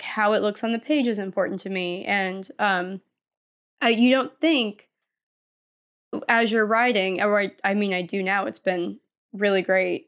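A woman co-hosting a podcast, talking through her writing in a casual, rambling way. She trails off and restarts often. Her pitch sits in the middle. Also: a bit bright. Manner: rambling, many fillers and restarts. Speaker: podcast co-host and writer. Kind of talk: casual chat.

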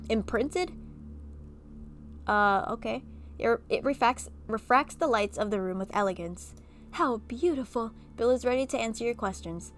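A woman reading an interactive horror story game aloud and breaking off for animated, chatty reactions. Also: on the high side, measured pace, pauses often, a little hiss or hum. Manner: animated, chatty asides between narration. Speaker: gaming video creator.

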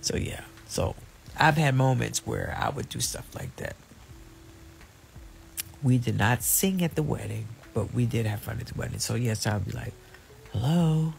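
A middle-aged woman with a gravelly, slightly rough edge to her voice chats casually with her viewers. She is playful and talkative, laughs easily and speaks to the audience as if they were friends. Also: rumbling low, sing-song, moderate pace, slight background noise. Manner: chatty and playful, addresses viewers directly, laughs often. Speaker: channel host.

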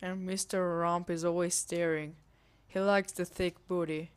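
A cautious, worried housemaid speaks in careful, slightly broken English with a put-on Spanish accent, as a woman reads her out. The voice sits a little low for a woman. She sounds like a game character read aloud by one performer. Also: flat delivery, a little slow, clean tone, natural voice. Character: harried adult female housemaid, worried and cautious. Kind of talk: reading a visual novel game aloud.

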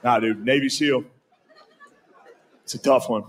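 A man's voice: medium pitch, unhurried, a faint crowd. Crude, laid-back male stand-up comic. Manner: laid-back, crude, self-mocking delivery. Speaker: stand-up comedian. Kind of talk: stand-up set. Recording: live set with steady background noise.

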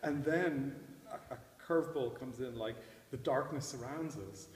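A man's voice: medium pitch, unhurried. Hesitant male student in an echoey room. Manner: hesitant, laughing, stumbles over words. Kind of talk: class discussion. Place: classroom. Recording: echoey room with long reverb.

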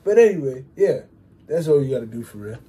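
A man's voice: mid-range voice, very animated, a little fast, warm tone, breathy edge. A young man talking to his channel in a loose, rambling way, full of fillers and casual swearing. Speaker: YouTuber giving dating advice.

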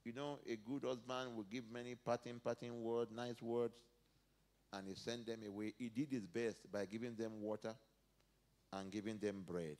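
A male pastor preaching a sermon, dropping to soft asides and rising to loud emphatic peaks as he reads and acts out scripture. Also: medium pitch, fairly even intonation, moderate pace. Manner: preaches verse by verse, acting out biblical speakers.

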